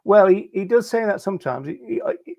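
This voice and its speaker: A man with a slightly raised pitch, co-hosting a relaxed discussion. He talks in a measured way, pausing on "uh" and "um" while he thinks aloud. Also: lo-fi sound. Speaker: podcast co-host. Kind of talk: casual discussion.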